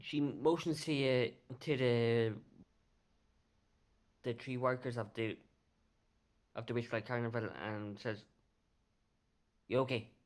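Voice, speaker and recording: A man narrating as game master of a tabletop role-playing game, halting as he describes the scene. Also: mid-range voice, steady tone. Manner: halting, many fillers and restarts.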